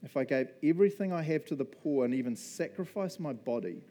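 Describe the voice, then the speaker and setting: A man's voice: fairly high pitch, animated, warm tone. Laid-back chatty male pastor. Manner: chatty, laughs often, quick asides. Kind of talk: casual conversational sermon. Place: church service.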